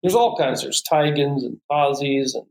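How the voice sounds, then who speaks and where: A man's voice: medium pitch, normal speed, creaky, a little mellow. A man, a guest falconer, telling stories in a podcast conversation and often laughing. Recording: roomy echo.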